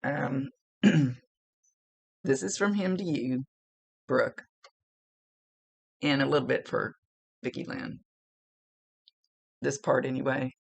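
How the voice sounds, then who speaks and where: A woman's voice: very deep voice, slow pace, gravelly, pauses often, breathy edge. A middle-aged woman giving a recorded psychic reading in a chatty, emotional, blunt way, swearing freely. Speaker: psychic medium.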